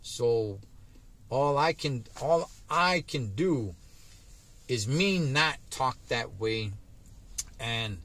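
A man's voice: medium pitch, lively intonation, extremely slow, pauses often, fairly bright tone. A middle-aged man, vlogging casually about his views, peppering his talk with "man," "dog" and "homie.". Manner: laid-back street slang, frequent "man" and "dog". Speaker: trucker vlogger. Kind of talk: casual monologue to camera.

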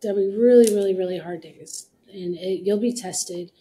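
A woman's voice: mid-range voice, moderate pace, warm tone, low-quality recording. A woman co-founder speaking as an interview guest in casual, earnest, encouraging talk with many fillers.

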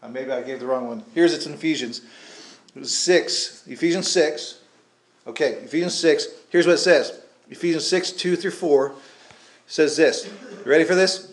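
A pastor with a fairly high voice delivers a sermon, talking casually and throwing asides to his listeners. He speaks into a mic in a church, and the room is echoey. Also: normal speed. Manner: conversational preaching with asides to the congregation. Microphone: handheld or stand mic.

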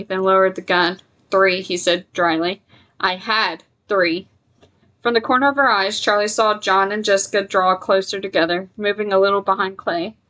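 A woman's voice: mid-range voice, poor audio. Woman reading a horror novel aloud. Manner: steady narration with small slips and self-corrections. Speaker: reader.

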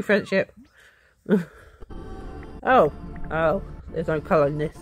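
A woman streaming a video game, chatting to her viewers in an excitable, playful way. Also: mid-range voice, slow pace, long pauses, husky, faint music behind. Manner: excitable, talks to viewers, squeals and laughs. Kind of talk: casual let's-play commentary.

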